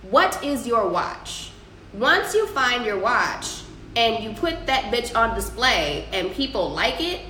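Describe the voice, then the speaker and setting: A woman's voice: a little high, lively intonation, normal speed, fairly bright tone. A young woman hosting a casual livestream, reading viewer comments and giving loose, profane advice. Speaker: livestream host. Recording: echoey room with faint ambient noise.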